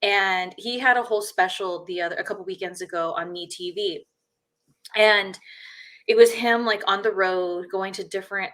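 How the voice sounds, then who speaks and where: A woman's voice: mid-range voice, pushed and bright. A woman hosting a podcast in casual chat, blunt and rambling with lots of fillers. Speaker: podcast host.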